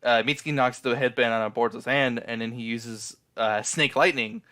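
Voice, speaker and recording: A man's voice: mid-range voice, fairly even intonation, brisk, sharp tone. A young man in a casual, rambling anime episode recap, full of fillers and swearing. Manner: rambling, frequent fillers and profanity. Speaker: anime reviewer.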